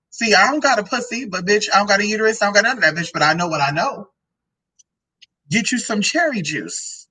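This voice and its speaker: A woman's voice: mid-range voice, expressive, a little fast, bright, forceful tone, slight background noise, low-quality recording. A transgender woman vlogging casually about drinks and food, sassy and profane, rambling from one tangent to the next. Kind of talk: casual product-review vlog.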